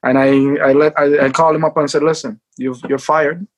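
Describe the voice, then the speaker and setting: A man, a former sprinter, telling his life story in an interview, acting out quotes and shouting at the peaks. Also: fairly high pitch, fairly even intonation, fairly quick.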